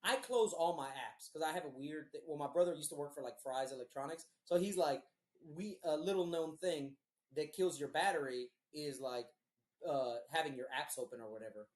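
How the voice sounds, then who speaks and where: A man casually telling a long, profane story on a podcast, animated and loose. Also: fairly high pitch, moderate pace, roomy sound. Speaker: podcast host.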